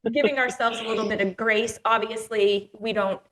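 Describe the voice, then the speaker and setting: A woman's voice: fairly high pitch, fairly even intonation, fairly quick, a bit bright, low-quality recording. A woman in her forties hosting an interview, chatty and affirming, drawing out her words. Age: 40s. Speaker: podcast host. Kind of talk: conversational interview.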